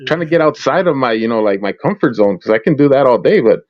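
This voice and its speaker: Joking guy on a stream, bouncy lively voice, dull dry lo-fi mic. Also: medium pitch, fast talker. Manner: joking, stammering restarts. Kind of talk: casual livestream chat.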